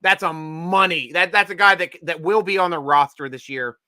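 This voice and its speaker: Bright-voiced joking man hosting. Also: a little high, moderate pace, no room sound. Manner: joking, rambling, laughs often. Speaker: podcast host. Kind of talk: casual draft-show banter.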